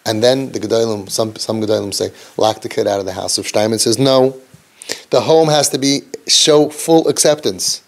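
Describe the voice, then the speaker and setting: A man, a parenting counselor, gives an impassioned, preachy lecture, dropping low and soft and then rising for emphasis, with Yiddish and Hebrew terms mixed in. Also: normal speed, creaky.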